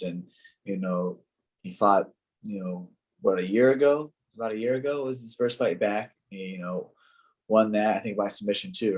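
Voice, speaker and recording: Low-voiced man in casual podcast chat. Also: low-quality recording. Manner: loose, filler-heavy, relaxed banter. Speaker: podcast co-host, fighter.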